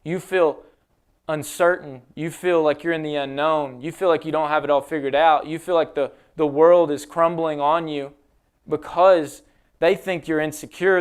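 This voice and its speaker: A man's voice: on the high side, steady tone, moderate pace, smooth. A young man preaching a sermon in an earnest, conversational way, acting out quotes as he goes. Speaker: pastor. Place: church, livestreamed.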